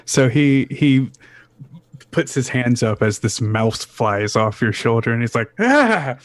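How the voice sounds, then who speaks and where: A man's voice: mid-range voice, fairly even intonation, measured pace, no room sound. A man narrating as game master of a tabletop game, stumbling and restarting as he describes scenes. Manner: rambling, many restarts.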